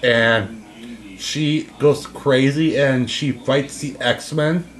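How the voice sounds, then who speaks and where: Man chatting haltingly about old cartoons. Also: medium pitch, fairly bright tone. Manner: rambling, halting, with restarts. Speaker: co-host. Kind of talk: casual chat.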